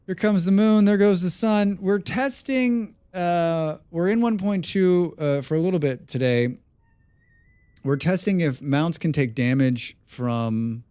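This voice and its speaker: Loud excitable man streaming a game. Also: medium pitch, smooth, no echo. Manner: loud and excitable, calls himself a passionate speaker. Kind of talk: live stream commentary, chatting with viewers.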